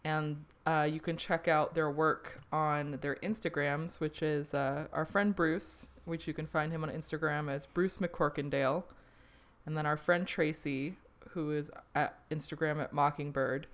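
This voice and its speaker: A woman's voice: low voice, measured pace. A woman co-hosting a podcast, chatting casually with frequent fillers and easy laughter. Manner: relaxed, filler-heavy, laughs easily. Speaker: podcast co-host. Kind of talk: casual chat.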